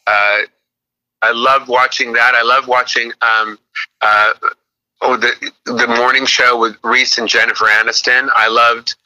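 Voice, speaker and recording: A man being interviewed, telling lively stories in casual chat and acting out the people he quotes. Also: unhurried, rough recording. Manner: animated storyteller, acts out quotes in a higher voice. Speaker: guest.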